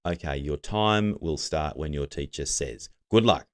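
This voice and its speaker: Very deep-voiced man teaching a lesson. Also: unhurried. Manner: clear, patient step-by-step instruction to students. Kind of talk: recorded classroom literacy lesson.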